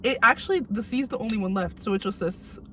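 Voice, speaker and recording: A woman's voice: medium pitch, noisy background. A young adult woman chatting and chiming in on a shared story from the front seat of a car. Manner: chatty, quick to laugh, interjecting. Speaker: co-host. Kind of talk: casual storytelling chat.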